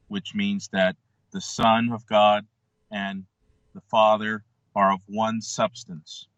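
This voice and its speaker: A man as a radio show guest, explaining in a measured way with frequent ums, on dull lo-fi call audio. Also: lowish voice, pushed and bright, no room sound. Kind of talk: explanatory interview talk.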